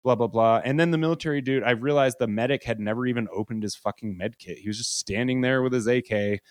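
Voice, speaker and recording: A man's voice: medium pitch, quick pace, dry recording, studio quality. Loose, profane young man telling a story. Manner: loose and profane, heavy use of "like". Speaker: podcast guest. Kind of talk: casual spoken storytelling.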